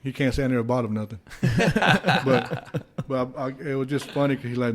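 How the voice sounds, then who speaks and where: A podcast guest with a brisk, medium-pitched voice, once a heavyweight boxer, tells stories in a casual way. His anecdotes are energetic, profane, and punctuated by laughter.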